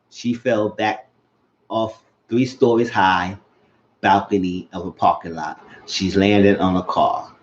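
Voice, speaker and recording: A man casually recapping a TV episode, telling scenes and acting out the characters' quotes. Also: fairly low pitch. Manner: animated, retells scenes, acts out quotes. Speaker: show recap host. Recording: dull lo-fi sound.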